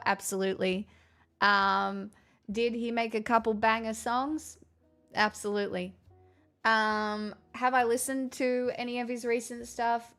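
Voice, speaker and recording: Gravelly, candid woman streamer. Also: fairly high pitch. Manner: candid, rambling, swears freely. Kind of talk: casual chat answering viewer questions.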